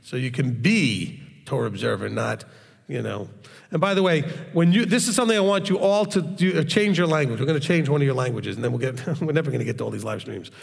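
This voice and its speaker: A man's voice: mid-range voice, expressive, fast, gravelly, big-room sound. A man teaching the Bible in a blunt, hard, straightforward way, often checking in with his listeners. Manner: conversational, asks the audience questions. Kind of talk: informal recorded teaching.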